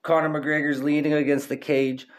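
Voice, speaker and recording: A man's voice: on the high side, little pitch movement, normal speed. A young man hosting a podcast in casual chat, laid-back and rambling, swearing freely, stoned. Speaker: podcast host.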